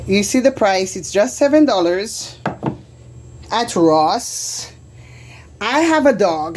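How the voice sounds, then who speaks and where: A woman's voice: medium pitch, a little mellow. Chatty churchgoing woman showing her home. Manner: chatty, faith-filled, repeats phrases for emphasis. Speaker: home vlogger. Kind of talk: casual home tour chat.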